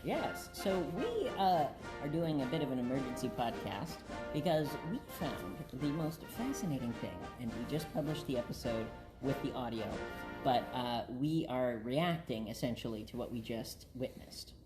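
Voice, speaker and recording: With loud music behind him, a podcast host speaks at normal speed in a sing-song, medium-pitched voice. He chats casually, offering a playful, grandiose self-introduction full of "uh" fillers.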